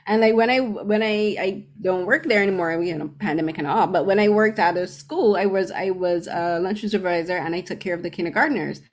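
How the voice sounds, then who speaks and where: A woman from Barbados co-hosting a podcast, speaking casually in an animated, chatty way with many fillers. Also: on the low side, a little fast, few pauses. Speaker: podcast co-host. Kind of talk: casual conversation.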